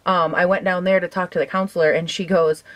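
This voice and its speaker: In a lowish, brisk voice with little pitch movement, a twenty-something beauty vlogger chats while doing her makeup. She's giggly and chatty, laughs often, and uses plenty of "like" and "um."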